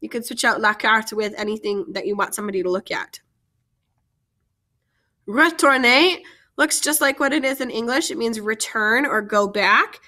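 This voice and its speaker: A woman's voice: on the high side, normal speed, bright, forceful tone. A woman French teacher giving a vocabulary lesson, carefully modeling each French phrase and then explaining it in English.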